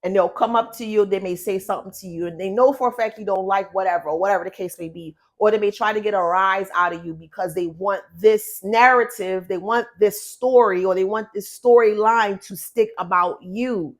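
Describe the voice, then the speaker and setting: A woman's voice: mid-range voice, brisk, hardly any pauses. A woman giving a spoken tarot reading to her viewers, blunt and emphatic, repeating words and swearing for stress. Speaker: tarot reader.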